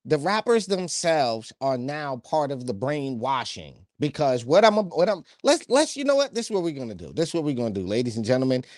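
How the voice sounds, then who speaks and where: A man co-hosting a casual political podcast, talking with energy in quick bursts and frequent restarts. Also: mid-range voice, very animated, a little mellow, no room sound, studio quality. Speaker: podcast co-host.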